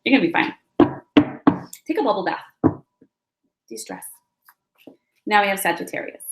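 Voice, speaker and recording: A woman's voice: medium pitch, background noise. Chatty reassuring woman reading tarot cards. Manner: chatty, reassuring, addresses viewers as guys; animated with quick asides and many fillers. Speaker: tarot reader. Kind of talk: weekly astrology card reading. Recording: echoey room.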